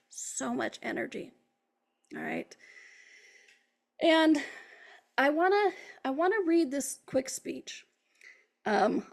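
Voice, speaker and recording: A woman's voice: a little high, creaky, husky. A woman hosting a motivational self-help show, speaking in an upbeat, encouraging way straight to her listeners. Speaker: host.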